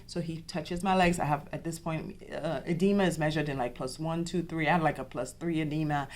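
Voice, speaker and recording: Podcast host, young woman, low-pitched, emphatic, personal storytelling. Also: fairly quick, hardly any pauses. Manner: animated, quotes others in dialogue, repeats herself.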